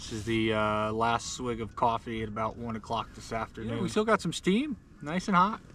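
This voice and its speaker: A man's voice: mid-range voice, fairly quick, noisy background. A man hosting a fishing trip vlog, talking casually outdoors on a river raft with wry, joking, self-deprecating commentary.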